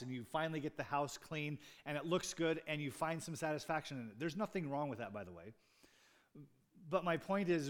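Pastor, male, slightly higher voice, earnest sermon delivery with emphatic stresses. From United States.

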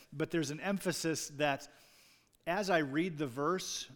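A man preaching a sermon in a conversational way, with rising emphasis on key words. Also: a little high. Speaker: pastor. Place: church sanctuary. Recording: long reverb in a large hall.

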